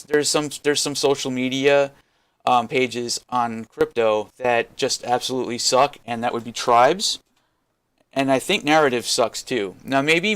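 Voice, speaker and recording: A crypto vlogger with a medium-pitched, slightly bright voice rants to camera off the cuff. He's frustrated, swears constantly, and rambles, restarting again and again.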